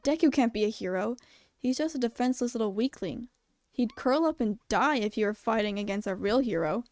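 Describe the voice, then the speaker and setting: A woman doing a hot-tempered teenage boy who barks his lines with loud scorn. The voice is fairly high and recorded close and dry. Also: lively intonation, brisk, no echo. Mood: angry. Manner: shouting, scornful, aggressive.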